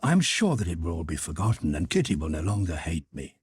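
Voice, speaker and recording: A man voicing an emotional young noblewoman, breathy and pleading, in an audiobook. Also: deep voice, fast talker, no room sound, heavily acted. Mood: excited. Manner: lifted, pleading, excitable delivery. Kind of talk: audiobook character voice.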